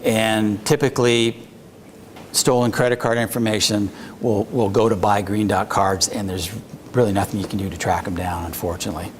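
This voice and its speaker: Halting, low-voiced man presenting a talk. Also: steady tone, a little hiss or hum. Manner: halting, many fillers and restarts. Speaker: police investigator. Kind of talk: informal presentation at a public talk.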